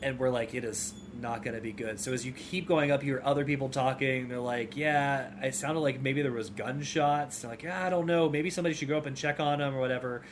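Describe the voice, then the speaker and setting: Animated male podcast co-host. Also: medium pitch, brisk, few pauses, slight background noise. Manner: animated retelling, acting out characters' lines. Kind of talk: casual chat.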